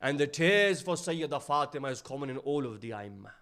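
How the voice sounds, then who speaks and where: A man giving a sermon, telling a story and dropping to a hushed voice for its sad lines, then rising louder to stress his points. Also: animated, brisk. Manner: storytelling, drops to a low hushed voice for sad quotes. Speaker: speaker at an Islamic centre.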